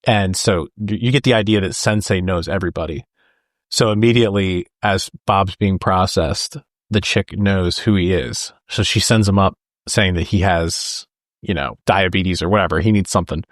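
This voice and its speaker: Speaking at a moderate pace in a low voice, this man co-hosts a podcast built around casual film talk. He recounts scenes from movies, performs the dialogue, and laughs as he goes, all captured in clean studio sound with no room noise.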